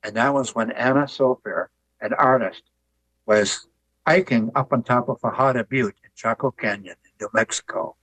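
A man's voice: mid-range voice, moderate pace, husky, rough recording. Older male guest, easygoing storyteller with a mid-range voice who builds up to punchlines. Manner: relaxed, anecdotal, builds up to punchlines. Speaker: author and artist guest. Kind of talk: conversational interview storytelling.

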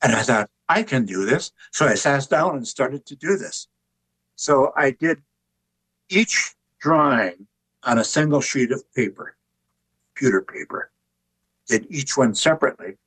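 A man's voice: medium pitch, a little slow, long pauses, husky, no echo, low-quality recording. Older man telling dry, wry stories. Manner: relaxed, anecdotal, wry humor. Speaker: author and artist guest. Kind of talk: conversational interview storytelling.

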